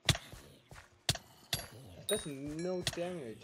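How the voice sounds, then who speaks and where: A man's voice: fairly high pitch, very animated, drawn-out words, very noisy. A man giving casual gameplay commentary, chatty, talking back to the game's creatures and laughing now and then. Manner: chatty, talks to the game's mobs, exclaims and laughs.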